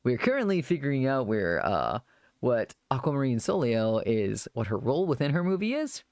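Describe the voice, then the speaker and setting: A man's voice: mid-range voice, very animated, normal speed, darkish tone, dry recording, studio quality. A man chatting casually on a live stream, rambling at length and thanking viewers as they follow.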